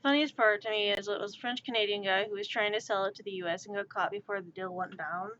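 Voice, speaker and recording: A woman's voice: medium pitch, fairly even intonation, quick pace, a bit bright, a little hiss or hum. Rambling woman streamer, lo-fi audio. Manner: rambling, heavy use of "like". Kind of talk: casual live-stream chat.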